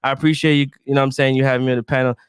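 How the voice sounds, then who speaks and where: A man's voice: medium pitch, flat delivery, rapid-fire, background noise. A man who is a guest on a boxing panel, mocking the other panelists with scorn. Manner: scornful, insulting, laughs at rivals. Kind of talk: heated trash-talk banter.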